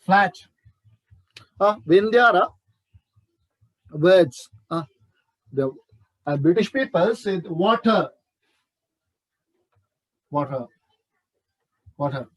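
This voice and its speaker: Sri lankan guy teaching english, high voice, talks slow, keeps repeating words and checking in. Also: animated, no echo, poor audio. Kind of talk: classroom lesson.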